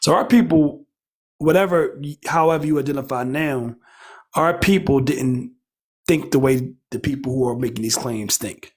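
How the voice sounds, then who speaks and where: A man in casual podcast chat, earnest and halting, stopping often to find his words. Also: mid-range voice. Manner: halting, many fillers, earnest.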